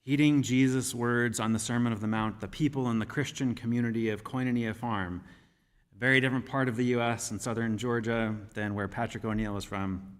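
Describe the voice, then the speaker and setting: A man giving a sermon as minister, speaking in a measured, gentle storytelling manner. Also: mid-range voice, steady tone. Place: church sanctuary. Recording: reverberant church hall.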